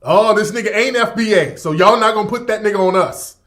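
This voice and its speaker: On a livestream, a man whose voice is notably high for a man rants casually at a brisk clip with a fairly bright tone. He's emphatic and profane, hammering the same points over and over.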